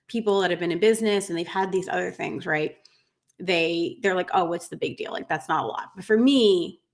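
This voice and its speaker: A woman hosting a casual livestream as a grooming business coach, chatting emotionally to viewers with lots of fillers and restarts. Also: mid-range voice. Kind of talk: casual livestream chat reading viewer comments.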